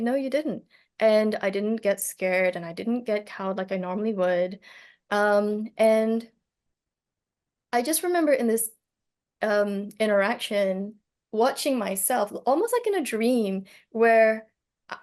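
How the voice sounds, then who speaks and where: A woman telling a personal story in casual talk, reflective and hesitant, with many fillers and restarts. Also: medium pitch. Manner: reflective, gently animated when telling a story. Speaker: speaker on plant medicine.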